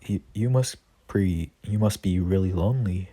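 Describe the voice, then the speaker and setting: A man's voice: low-pitched, moderate pace, mellow. A man voicing a frightened young boy who stammers nervously. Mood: curious.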